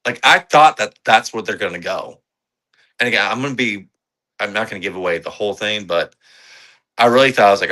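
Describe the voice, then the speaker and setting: Bright-voiced, low-pitched man. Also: brisk. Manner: excitable, swears freely, rambling with fillers. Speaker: podcast co-host. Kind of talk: casual movie review chat.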